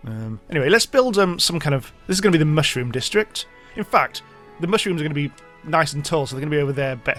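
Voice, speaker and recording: A man's voice: a little high, fairly bright tone. A man hosting a let's play, giving rambling, self-mocking commentary as he thinks aloud. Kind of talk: casual gameplay commentary.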